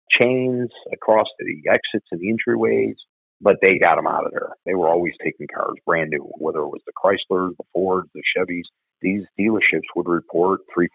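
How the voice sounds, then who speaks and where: A man's voice: deep voice, gravelly, slightly rough, no room sound. A man, a former police officer, telling blunt, profane stories in casual conversation. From Chicago. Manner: blunt, profane, animated storyteller. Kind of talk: casual storytelling. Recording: tinny phone line.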